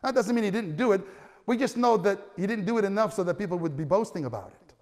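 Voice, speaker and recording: A male pastor preaching a sermon in a church, animated and conversational, with stammering restarts and loud cries at the high points. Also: fast, big-room sound.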